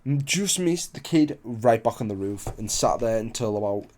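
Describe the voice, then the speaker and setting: A man's voice: medium pitch, lively intonation, moderate pace, darkish tone. A young man casually telling a story, rambling, swearing a lot and losing his place.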